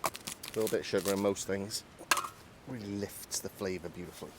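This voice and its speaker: A man with a low voice talks a little fast while narrating his outdoor cooking vlog in woodland. Chatty and self-deprecating, he walks through each step, though the recording is very noisy.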